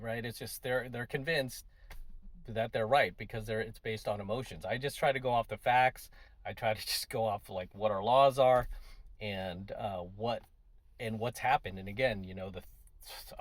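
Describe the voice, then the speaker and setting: A middle-aged man talking straight to his viewers in a loose, rambling commentary. He often adds tag questions and fillers, and his voice sits at an average pitch. The recording is dry and close, with no room sound. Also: no echo. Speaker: channel host. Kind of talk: casual opinion commentary to camera.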